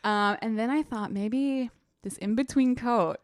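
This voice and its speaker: A woman co-hosting a casual book podcast, chatty and quick to laugh. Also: fairly high pitch. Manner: chatty, giggly. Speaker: podcast co-host.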